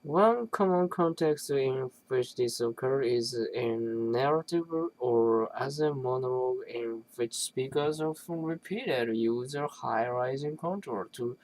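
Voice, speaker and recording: A speaker reading an academic linguistics text aloud, stumbling and restarting phrases and clearing their throat between passages. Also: mid-range voice, a little mellow, rough recording. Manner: halting, with restarts and self-corrections.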